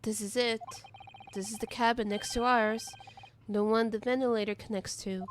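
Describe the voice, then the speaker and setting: A woman's voice: a little high, fairly even intonation, normal speed, a little hiss or hum. A young woman streaming a game playthrough, reading the dialogue aloud and breaking off for sarcastic, swearing asides. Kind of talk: game playthrough with commentary, reading all roles.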